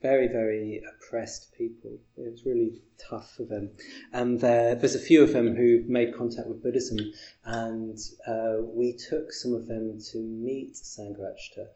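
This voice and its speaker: A man telling rambling anecdotes in a casual conversation, halting often with fillers and restarts. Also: mid-range voice, flat delivery, warm tone, reverberant, muffled recording. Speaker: interviewer.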